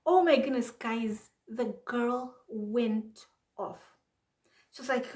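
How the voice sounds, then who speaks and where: Young female vlogger from Zimbabwe, higher voice, animated storyteller who plays all the parts, recorded in a roomy, echoey space. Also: takes it slowly. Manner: animated, acts out both sides of a phone argument. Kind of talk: casual storytime to camera.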